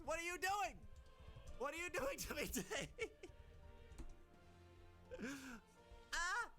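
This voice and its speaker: A man chatting on a live stream, thanking viewers and breaking into excited shouted exclamations. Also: high-pitched.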